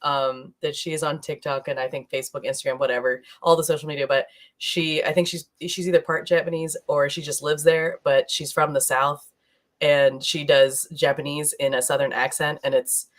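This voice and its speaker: A woman's voice: low-pitched, level tone, moderate pace. A woman co-hosting a podcast in casual, rambling chat, laughing often as she talks. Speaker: podcast co-host. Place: streaming live.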